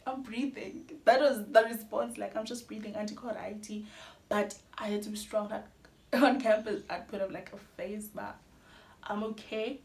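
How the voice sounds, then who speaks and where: A woman's voice: mid-range voice, steady tone, moderate pace, darkish tone, roomy sound. A young South African woman with a Xhosa-speaking accent, candidly telling a personal story in a chatty vlog and mixing in Xhosa phrases. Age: young adult. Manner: candid, chatty, mixes in Xhosa phrases, laughs between sentences. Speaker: YouTuber.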